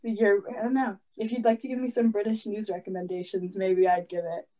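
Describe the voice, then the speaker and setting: A woman's voice: mid-range voice, steady tone, a little fast, dark tone. A teenage girl chatting casually on a student podcast, playful and giggly, with quirky remarks. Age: teens. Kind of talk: casual chat.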